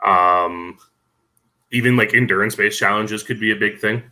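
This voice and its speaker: A man guests on a casual podcast and talks about the topic with clear knowledge. His voice sits low but has a very sharp, bright edge. He speaks in a measured way and often says um. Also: steady tone, poor audio. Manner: knowledgeable, measured, many ums.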